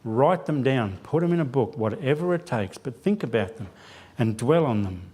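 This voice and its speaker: A man's voice: mid-range voice, expressive, moderate pace, mellow, husky. A man giving a church sermon as a lay preacher, telling a self-deprecating personal story with quoted dialogue. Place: church sanctuary.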